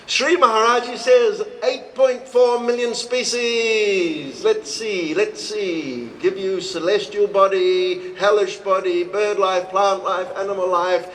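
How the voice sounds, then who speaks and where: High-voiced swami guy talking slow at a retreat, little hiss on the recording. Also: poor audio. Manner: slow, storytelling, acts out dialogue with expressive rises in pitch. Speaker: swami giving a spiritual talk. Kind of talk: devotional talk to a live audience. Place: retreat hall, recorded live.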